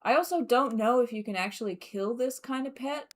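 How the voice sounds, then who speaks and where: A young woman with an Australian accent chatting casually while streaming a game, laughing often and filling pauses with ums and likes. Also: a little high. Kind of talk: casual gameplay commentary.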